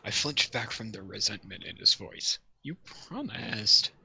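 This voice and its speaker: A man's voice: on the low side, normal speed, creaky, bright, forceful tone, poor audio. A man reading a book aloud with friends in a casual group session, reading chat comments and adding dry jokes. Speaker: reader and host. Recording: faint background noise.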